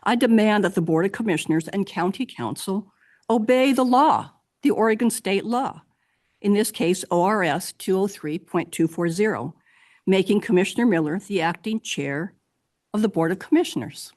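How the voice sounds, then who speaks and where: A woman's voice: mid-range voice, expressive, normal speed, a little mellow. A woman giving public comment at a county board meeting, reading legal text aloud and firmly demanding that the board act.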